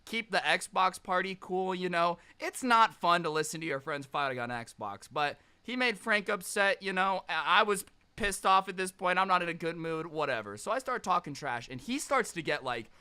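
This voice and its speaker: Young guy doing a storytime, bright tense voice, sarcastic, kinda high. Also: normal speed, hardly any pauses, smooth. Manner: sarcastic, animated retelling. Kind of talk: casual storytime.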